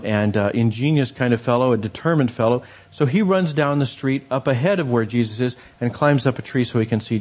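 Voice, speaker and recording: Give me a husky man telling a story in a sermon, in a loose, chatty way. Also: medium pitch, darkish tone. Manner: conversational storytelling with fillers and restarts. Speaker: preacher.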